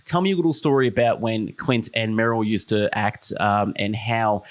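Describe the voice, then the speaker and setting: A man's voice: lowish voice, moderate pace. A man hosting a podcast, asking questions hesitantly, with many fillers and restarts. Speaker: podcast host. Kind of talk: interview questions.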